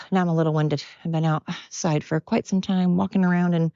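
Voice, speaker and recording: A woman's voice: fairly low pitch, fairly even intonation, moderate pace, mellow, dry recording. Blunt, profane woman ranting on a podcast. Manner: blunt and profane, heated, repeating points. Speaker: podcast host. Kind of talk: casual opinion rant, solo podcast. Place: outdoors, walking around. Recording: dull, lo-fi, dry sound.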